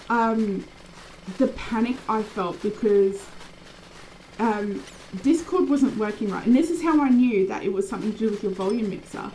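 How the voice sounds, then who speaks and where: A young adult woman streaming a game, chatting casually with viewers by name and rambling through animated stories. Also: a little high, slight background noise, poor audio. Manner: animated, rambling storytelling with many fillers. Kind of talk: casual live-stream chat.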